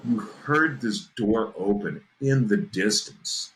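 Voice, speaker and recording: A man with a low, deep voice and a bright, forceful edge, spinning an eerie tale on a podcast. He builds suspense, pauses to ask "okay?", and leans into the drama. A faint hiss of noise sits behind him. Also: animated, low-quality recording. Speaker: podcast host. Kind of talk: casual storytelling chat.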